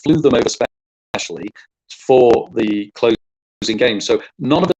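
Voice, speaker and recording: British male guest, mid pitch, halting, stop-start explaining. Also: darkish tone, slightly rough, lo-fi sound. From United Kingdom. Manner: explains at length, halting restarts. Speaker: guest co-host. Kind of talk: casual chat.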